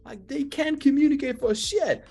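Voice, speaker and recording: A man's voice: very high voice, moderate pace, vocal fry, darkish tone. A man hosting a casual podcast chat, rambling and profane, laughing often as he asks questions.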